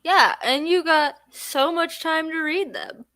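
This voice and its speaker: A woman's voice: very high voice, slow pace, bright, forceful tone, dry recording. A tired young woman chatting casually on a late-night livestream at home, yawning and drowsy. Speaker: streamer.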